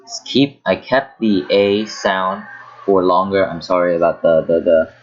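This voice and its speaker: A man's voice: low voice, steady tone, a little slow. A man giving a casual online lesson, often stopping and repeating words as he demonstrates pronunciation, with a hair dryer running in the background. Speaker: language teacher. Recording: dull lo-fi sound with hair dryer noise behind. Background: hair dryer noise.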